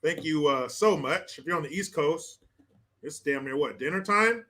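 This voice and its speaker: A brash male host rattles through a casual livestream in profane, joking banter. His voice sits fairly high and sounds bright and forceful. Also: animated, moderate pace.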